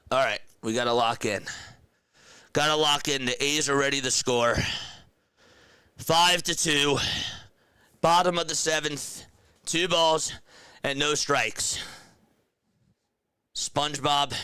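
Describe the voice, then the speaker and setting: A young man calling baseball play-by-play on a live charity stream through a headset, loudly thanking donors and then speaking softly and emotionally. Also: medium pitch, slow, pauses often, clean tone, no echo. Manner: excitable, shouts thanks to donors, turns emotional and quiet.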